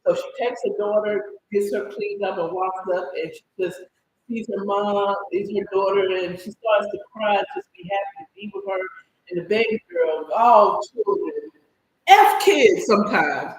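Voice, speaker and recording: A middle-aged man recapping a story in a casual, animated and dramatic way, his voice at times breaking into cries and shouts. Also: sits high, normal speed. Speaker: storyteller host. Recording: echoey room with faint background noise.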